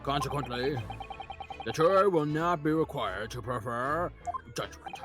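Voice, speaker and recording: A man's voice: mid-range voice, measured pace, natural voice. Man reading as a formal older British judge. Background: game music.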